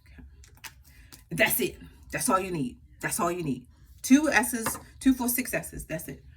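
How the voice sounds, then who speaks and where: A woman's voice: medium pitch, lively intonation, measured pace, a bit bright, slight background noise. A woman chatting casually as she walks through her own makeup routine, laughing now and then. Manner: chatty, laughs often, talks while applying makeup. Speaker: makeup artist vlogger. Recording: voice from a distance from the mic.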